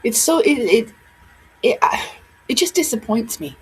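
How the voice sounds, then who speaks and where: A woman's voice: fairly high pitch, big pitch swings, normal speed, husky, low-quality recording. A young woman talking casually to her camera at home, rambling and emotional, with many fillers and restarts. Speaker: vlogger.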